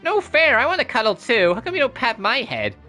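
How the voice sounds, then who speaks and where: A streamer voicing a clingy, pouty girl with a crush, speaking in a slightly nasal, bouncy, high-energy voice. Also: very animated, brisk, bright, forceful tone, faint music behind. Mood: whiny.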